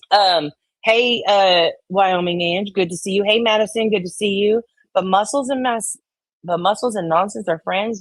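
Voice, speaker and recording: A woman's voice: medium pitch, a bit bright, dry recording. A woman hosting a livestream, chatting casually and profanely about online drama and reading comments from chat. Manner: profane, conspiratorial, reads chat aloud; acts out quoted voices. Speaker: livestream host.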